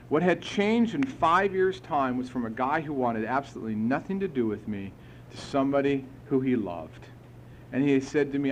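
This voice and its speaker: A man's voice: mid-range voice, animated, moderate pace, slight background noise. A middle-aged man sharing his story at a recovery meeting, speaking frankly and emphatically, with blunt swearing. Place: live meeting hall.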